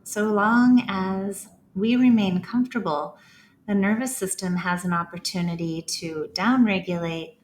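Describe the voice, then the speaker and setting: A woman gently leading a guided breathing practice, with slow, soothing instructions. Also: medium pitch, a little hiss or hum.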